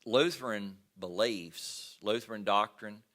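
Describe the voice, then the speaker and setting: Teaching history in a classroom, this older man has a lowish, slightly bright voice and a measured pace. He talks casually, leaning on lots of fillers and stories from trips he has taken.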